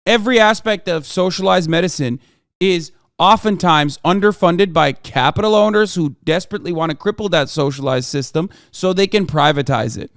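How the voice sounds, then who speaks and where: A man on a live stream tearing into an opponent's argument, heated and full of curses. His voice sits a little high and sounds smooth and crisp. It is recorded close and dry, with no room sound. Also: dry recording. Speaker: political streamer. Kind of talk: live-stream reaction rant.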